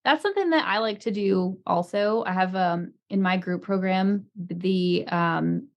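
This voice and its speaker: Woman podcast host, mid-range voice, relaxed and conversational. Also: mid-range voice, measured pace, muffled recording. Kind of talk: conversational interview.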